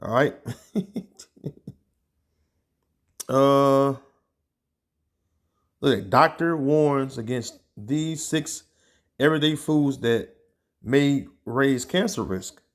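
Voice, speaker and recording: A man giving informal religious teaching, talking loosely with many fillers and reading passages aloud as he searches for them. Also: medium pitch. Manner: casual, peppered with "man" and "all right"; reads scripture and news aloud, pausing to search. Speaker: online preacher.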